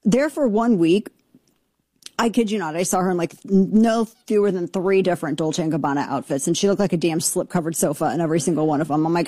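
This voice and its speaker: Sarcastic lady talk host ranting away, mellow darkish voice, dry close sound. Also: on the low side, no room sound. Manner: brash, sarcastic, fast riffing. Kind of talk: opinionated political talk.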